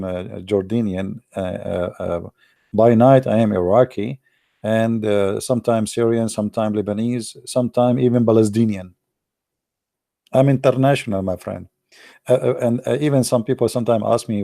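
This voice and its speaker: A man's voice: lowish voice, gravelly, mellow, dry recording, studio quality. A middle-aged man, not a native English speaker, giving casual sarcastic commentary as host of his own show, repeating words and calling listeners "my friend.".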